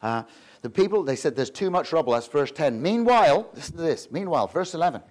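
A man preaching a sermon in a lively, conversational way, often repeating himself and laughing as he talks. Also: on the high side, normal speed. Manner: animated, conversational preaching with frequent repetitions and laughs. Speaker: pastor.

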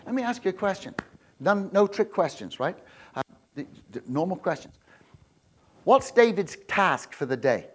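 Guy giving a sermon, high pitched and swooping all over, laughs a lot. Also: moderate pace, pauses often, slightly rough. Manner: animated, asks the crowd frequent "right?" questions; jokey and emphatic, often laughing. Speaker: preacher.

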